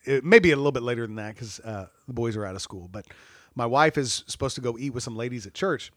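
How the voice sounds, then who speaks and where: A man's voice: medium pitch, quick pace, dry recording, studio quality. Chatty man telling a funny story. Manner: animated, laughs often, self-deprecating. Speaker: church staff guest. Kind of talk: casual storytelling chat.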